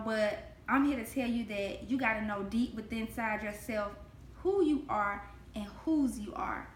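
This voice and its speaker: A woman's voice: fairly high pitch, a little hiss or hum. A woman giving a spoken Christian devotional to camera, earnest and heartfelt, repeating phrases for emphasis. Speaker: devotional host. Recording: echoey room.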